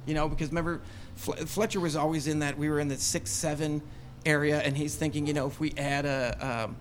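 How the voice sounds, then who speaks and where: A man's voice: on the high side, fairly even intonation, brisk, a little hiss or hum. A man co-hosting a casual sports podcast, rambling and swearing as he talks. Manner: rambling, profane, laughs often. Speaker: podcast co-host.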